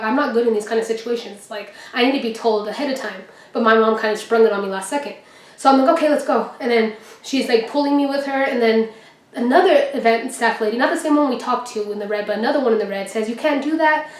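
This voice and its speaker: A young woman vlogger telling a story in a casual, excited way, acting out what people said. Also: a little high, far from the mic. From Texas. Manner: excited, chatty, acts out quotes. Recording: echoey room, mic set back.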